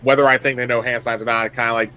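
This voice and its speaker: A man's voice: mid-range voice, little pitch movement, very fast, sharp tone. A man playing a tabletop game, rambling with many fillers and restarts as he plans his character's moves. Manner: rambling, full of likes and restarts. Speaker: player. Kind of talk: casual tabletop play.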